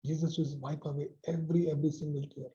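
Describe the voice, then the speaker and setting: A man's voice: on the high side, flat delivery, fast talker. Man preaching over a dull video call. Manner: repetitive, emphatic with soft drops. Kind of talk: sermon.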